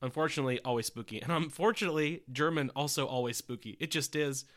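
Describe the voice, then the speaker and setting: A man co-hosting a comedy podcast, chatting casually and cracking deadpan, playful jokes. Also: mid-range voice, fast, no room sound, studio quality. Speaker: podcast co-host.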